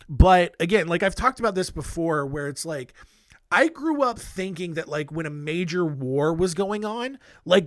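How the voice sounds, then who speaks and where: A man's voice: fairly high pitch, a bit bright, no room sound, studio quality. A man hosting a podcast, telling history stories in a casual, rambling way with joking asides and lots of fillers. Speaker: podcast host. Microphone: studio microphone.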